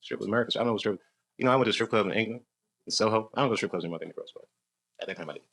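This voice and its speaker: A man's voice: lowish voice, racing, a bit bright. A man doing live stand-up, telling a rambling story, laughing at his own jokes and bantering with the crowd. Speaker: stand-up comedian. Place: stage in a comedy club. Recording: live stage recording with noisy audience. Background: audience laughter.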